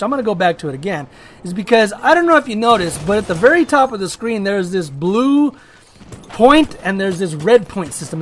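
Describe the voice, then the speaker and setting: High-voiced man rambling over gameplay. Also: slight background noise. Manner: rambling, self-interrupting, jokey. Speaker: gaming video creator. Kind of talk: casual gameplay commentary.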